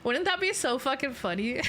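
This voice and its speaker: A woman's voice: fairly high pitch, sharp tone, a little hiss or hum. A young adult Canadian woman with a Canadian accent, chatting casually on a livestream from a bedroom setup, rambling playfully and laughing often. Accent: Canadian English. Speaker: VTuber streamer. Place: home streaming setup in a bedroom.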